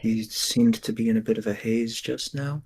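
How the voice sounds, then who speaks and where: A man playing a tabletop game, speaking gently and politely as his character. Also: mid-range voice, fairly even intonation, moderate pace, gravelly, a little hiss or hum. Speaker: player.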